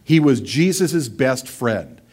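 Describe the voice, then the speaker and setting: Animated conversational man preaching. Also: mid-range voice, takes it slowly, husky. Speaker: pastor. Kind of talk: sermon.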